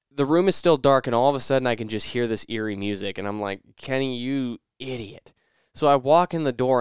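Rambling young man, smooth and dry. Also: medium pitch, dry recording. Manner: rambling, self-correcting storyteller. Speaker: podcast host. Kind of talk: casual solo podcast chat.

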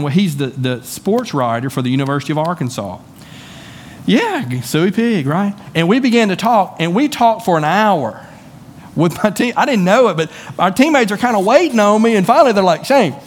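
A man's voice: high-pitched, animated, moderate pace. A man with a Southern US accent preaching a sermon as pastor, folksy and conversational, often repeating words as he goes. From Southern United States. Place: church sanctuary.

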